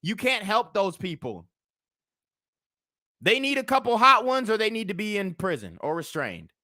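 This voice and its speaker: A man's voice: sits high, very animated, normal speed, sharp tone, no room sound, clean studio sound. A young man hosting a livestream commentary show, talking in a heated, blunt, profane way. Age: young adult. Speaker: commentary channel host.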